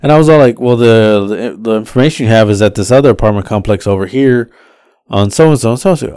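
A man's voice: lowish voice, fast, darkish tone, clear, resonant tone, dry recording, studio quality. A man, casually telling a rideshare story as a podcast co-host, acting out his passengers' lines in raised voices.

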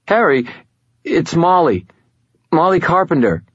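A man's voice: a little high, very animated, unhurried, slightly rough, no echo, dull audio, pitched above the performer's own voice, exaggerated voice. A man voicing a shy, hesitant young woman speaking on the phone in an audiobook.

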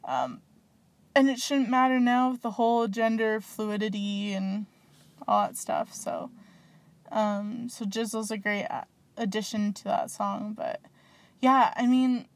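A woman's voice: on the high side, a little slow, dry recording. A woman hosting a small podcast, rambling and gushing in casual chat with lots of fillers. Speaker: podcast host.

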